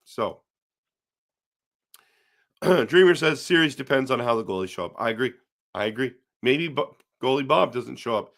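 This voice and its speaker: A man's voice: mid-range voice, lively intonation, moderate pace, creaky, pauses often, fairly bright tone. A middle-aged man from Canada hosting a casual hockey live stream, reading viewer comments aloud and answering them in a chatty way.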